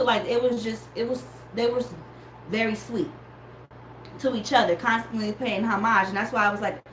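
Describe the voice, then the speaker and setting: A woman in casual chat, telling an animated story and calling her listeners y'all. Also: mid-range voice, moderate pace. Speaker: podcaster reviewing a music battle. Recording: echoey room with faint background noise.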